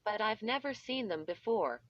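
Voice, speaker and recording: A woman's voice: medium pitch, animated, normal speed, no echo, lightly acted. A woman's voice, likely synthetic, reading the lines of a frightened, confused young boy who pleads in distress. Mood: pleading. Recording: dull lo-fi.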